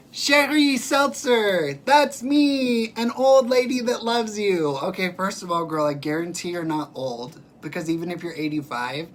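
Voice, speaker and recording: A man with a slightly high voice hosts a casual livestream, reading out viewer comments and answering people by name in a chatty, emphatic manner. There's slight background noise.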